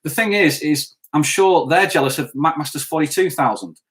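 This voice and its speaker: A man's voice: on the high side, normal speed, a bit bright. A man co-hosting a casual live stream, talking bluntly and rambling as he answers viewer comments.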